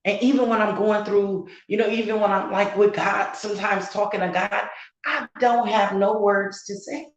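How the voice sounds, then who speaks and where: A woman content creator speaking earnestly and emotionally on a live stream, halting as she talks. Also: medium pitch, fairly even intonation, echoey room, poor audio. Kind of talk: heartfelt live-stream talk.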